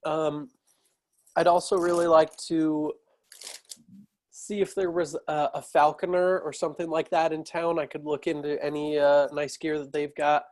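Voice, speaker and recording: A male tabletop player who rambles and gropes for words as he explains his plans. His voice sits on the higher side for a man. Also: a little mellow. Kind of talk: casual tabletop game chat.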